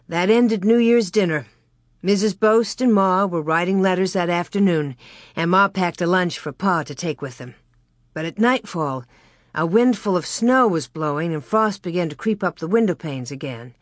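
A woman narrating a children's storybook aloud in a measured storytelling manner. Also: fairly low pitch, no room sound, studio quality. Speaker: audiobook narrator. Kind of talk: scripted narration.

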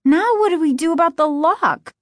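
Storybook kid: a woman acting a frightened young girl, high, urgent and panicky. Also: expressive, moderate pace, no room sound, clean studio sound. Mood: scared, urgent. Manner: panicky, breathless pleading.

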